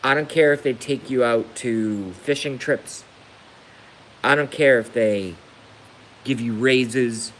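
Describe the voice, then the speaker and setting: A man's voice: medium pitch, slow, pauses often, fairly bright tone, a little hiss or hum, poor audio. A man ranting on a live stream, emotional and emphatic, repeating his points to hammer them home. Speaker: livestreamer.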